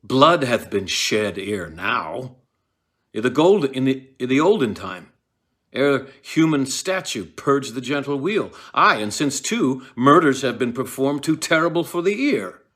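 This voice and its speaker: Guy doing macbeth ranting, haunted king, loud and shouty, voice jumps up high. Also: sing-song, measured pace.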